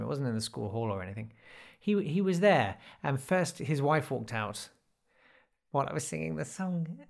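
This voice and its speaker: A man's voice: mid-range voice, vocal fry. A man in his forties, a podcast guest who rambles through anecdotes with self-deprecating, dry asides. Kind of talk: casual interview storytelling.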